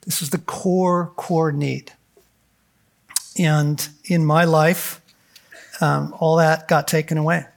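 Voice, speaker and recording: A middle-aged man giving a heartfelt talk at a men's gathering, earnest and animated, sometimes acting out the voices of people in his stories. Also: a little high, takes it slowly, vocal fry, pauses often. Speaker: speaker at a men's conference.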